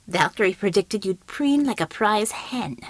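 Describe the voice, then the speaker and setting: A woman's voice: medium pitch, lively intonation, a little slow, no echo. A woman voicing a sneering, inhuman male shapeshifter villain with a wet, whispery voice in an audiobook. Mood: contemptuous. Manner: contemptuous, taunting.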